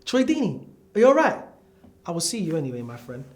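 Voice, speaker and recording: Young London-accent man, boastful co-host, pitch swings a lot, casual banter. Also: huge pitch swings, fast talker. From London, England. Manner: boastful, trash-talking. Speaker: podcast co-host. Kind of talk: casual chat.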